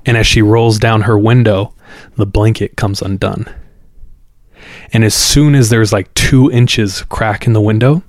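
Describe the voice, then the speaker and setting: A man's voice: lowish voice, fairly even intonation, measured pace, dry recording, studio quality. A man casually telling a scary local legend, building suspense and acting out the people in it. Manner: builds suspense, acts out quoted voices. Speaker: storyteller. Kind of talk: casual storytelling.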